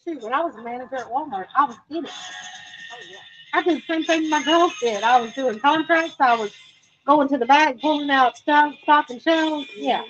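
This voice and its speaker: A woman's voice: high voice, normal speed, fairly bright tone, slight background noise. A woman helping out as a guest, chatting casually in a playful, teasing way. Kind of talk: casual chat. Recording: dull lo-fi sound with music.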